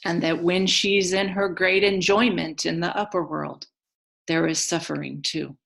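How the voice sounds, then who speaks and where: A woman storyteller recounting an ancient myth in a slow, hushed, incantatory way. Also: fairly low pitch, steady tone, creaky. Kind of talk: mythic storytelling.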